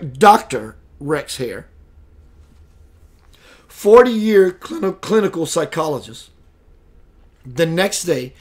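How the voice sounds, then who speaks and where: A man hosting a radio show, telling a personal story in an animated way with dramatic pauses, swinging between loud and hushed. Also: sits high. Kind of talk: storytelling monologue.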